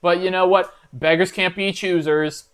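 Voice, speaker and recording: A man's voice: high voice, steady tone, moderate pace, noisy background. A man hosting a comedic reaction video, rambling in a mock-enthusiastic way with many filler uhs.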